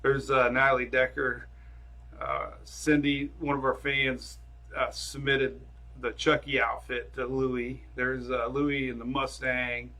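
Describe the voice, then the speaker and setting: A man's voice: medium pitch, fairly even intonation, slow, vocal fry, pushed and bright. A man hosting a casual weather live stream from home on his phone camera, rambling and chatty as he talks to viewers and his dogs.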